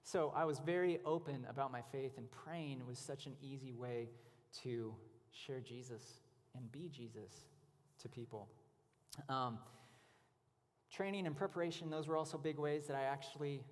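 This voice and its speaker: Casual male speaker, storytelling testimony, mid pitch, long hall reverb. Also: fairly even intonation, normal speed. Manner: conversational storytelling with many fillers. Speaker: guest speaker. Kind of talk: testimony talk at a church event. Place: church hall.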